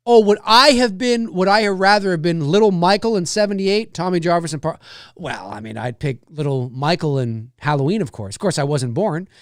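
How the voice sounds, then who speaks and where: A man in his forties hosts a live stream in a high, expressive voice, talking a little fast as he chats loosely and answers viewers, rambling with many fillers and restarts. Dry, studio-quality recording.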